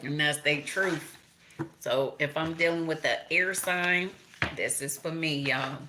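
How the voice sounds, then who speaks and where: A woman's voice: sits low, fairly even intonation, slow pace, noisy background. A middle-aged woman from Chicago doing a casual tarot reading, talking straight to viewers, swearing freely and laughing. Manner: profane, laughing, talks to viewers directly. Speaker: tarot reader.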